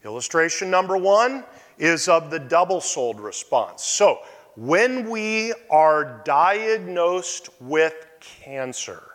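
A male pastor preaching a sermon, expressive, often dropping to quiet asides. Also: fairly high pitch, slow. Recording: long hall reverb.

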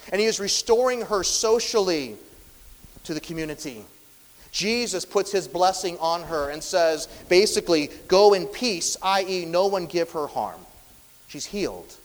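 A man preaching a sermon as pastor, swinging between loud, emphatic lines and hushed, quiet ones. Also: high-pitched, in a large hall, poor audio.

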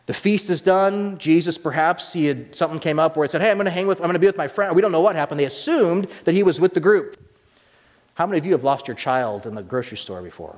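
A man preaching a sermon as pastor, animated and acting out the voices he quotes. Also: a little high, big-room sound.

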